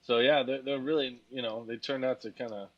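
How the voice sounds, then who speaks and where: A man's voice: medium pitch, steady tone, brisk. A tired man rambles about football on a casual podcast, leaning on fillers and crude jokes. His sound is slightly dull and lo-fi, as if from a cheaper mic. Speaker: podcast co-host. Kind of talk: casual sports chat.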